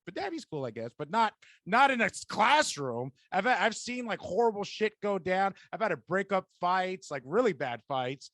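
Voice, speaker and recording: A young man hosts a podcast in easygoing chat, his voice sitting a touch high. He is animated, laughs a lot, and slips into quoted voices as he tells stories. The sound is close and dry. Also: moderate pace, hardly any pauses, dry recording. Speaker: podcast host. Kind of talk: casual chat.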